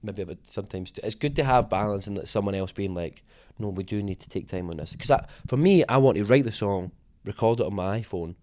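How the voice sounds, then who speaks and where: A man's voice: on the low side, quick pace, few pauses, a little mellow. A man being interviewed as a singer, talking casually in a rambling, self-deprecating way with many fillers and restarts.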